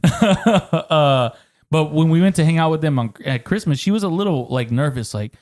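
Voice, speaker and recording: Animated, swearing man telling stories. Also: fairly high pitch, normal speed. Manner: animated storytelling, swears often, laughs a lot. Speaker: podcast co-host. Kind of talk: casual podcast chat.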